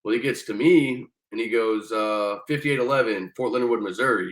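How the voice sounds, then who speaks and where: A man's voice: on the low side, brisk, low-quality recording. A young man, a former Marine, telling his story as a podcast guest in a loose, profane way with many fillers and restarts. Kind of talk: casual storytelling.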